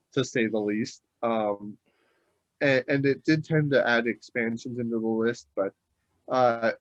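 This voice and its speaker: A relaxed man co-hosting a podcast, rambling a little as he works his thoughts out aloud. His voice sits at an ordinary middle pitch. The recording is dull and lo-fi, with a dry, close sound. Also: no echo. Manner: easygoing, thinks aloud with many hesitations. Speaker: podcast co-host. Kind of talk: casual podcast chat.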